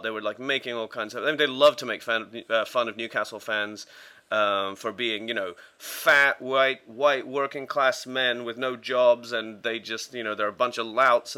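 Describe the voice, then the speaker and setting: A man hosting a podcast, telling football anecdotes in a loose, rambling way full of fillers and restarts. His voice sounds bright and forward. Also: medium pitch, fairly even intonation, moderate pace, smooth. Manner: rambling with many fillers and restarts, acting out quotes. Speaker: podcast co-host telling sports stories. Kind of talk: casual storytelling.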